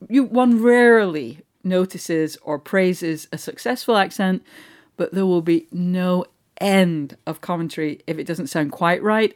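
A woman's voice: fairly low pitch, darkish tone. A woman with an English accent, co-hosting a podcast in casual, chatty conversation. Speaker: podcast co-host.

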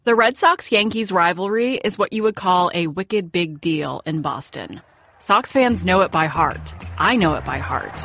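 A woman from New England narrates a sports documentary podcast in a somewhat low, wry voice. The script is personal and dryly funny. Music plays clearly beneath her. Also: animated, measured pace, fairly bright tone, dry recording.

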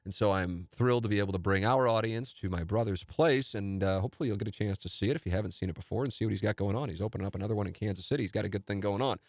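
A man with a St. hosts his own podcast, talking on his own in a loose, rambling way. He sounds eager and pokes fun at himself. His voice sits a little low, recorded close and dry with no room sound. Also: rapid-fire, few pauses, dry recording. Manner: rambling, enthusiastic, self-deprecating. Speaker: podcast host. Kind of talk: casual solo podcast talk.

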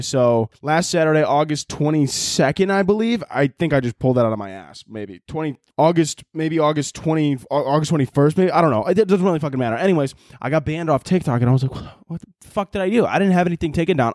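A man's voice: a little high, animated, quick pace, few pauses, a little mellow, no room sound, clean studio sound. A man hosting his own podcast, rambling and joking with lots of swearing. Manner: rambling, profane, jokey, self-interrupting. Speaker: podcast host. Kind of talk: casual solo podcast chat.

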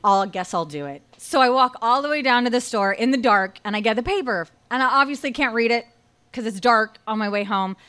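A young woman with a slightly high voice tells a personal story, wry and lively, building each beat toward a punchline. Her comic timing carries the telling. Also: brisk, clear, resonant tone.

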